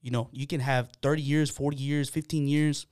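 Smooth-voiced man telling an earnest story. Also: fairly high pitch, flat delivery, normal speed, a little mellow, no room sound, studio quality. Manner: earnest storytelling with many fillers. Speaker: podcast guest. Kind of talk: casual podcast chat.

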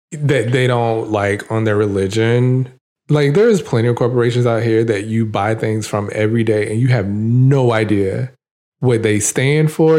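A man chatting on a podcast with a voice at an ordinary middle pitch. He sounds sassy and exasperated and throws in punchy, emphatic asides. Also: a little mellow. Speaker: podcast co-host. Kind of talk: casual podcast chat.

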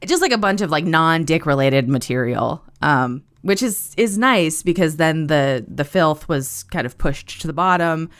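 A woman hosting a casual monologue, telling a story in an animated, profane way and laughing as she goes. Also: low-pitched, a little slow, few pauses.

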